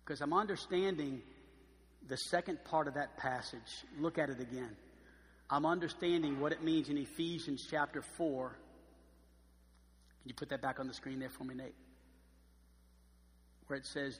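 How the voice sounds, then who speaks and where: A man preaching a sermon as pastor, emphatic and swinging from quiet, slow stress to loud emphasis. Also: fairly high pitch, in a large hall.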